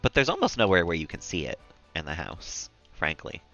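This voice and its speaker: A man's voice: low voice, huge pitch swings, brisk, gravelly, a bit bright, muffled recording, soft background music. A man live-streaming a game, rambling and chatty, often laughing at his own jokes. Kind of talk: casual gameplay commentary.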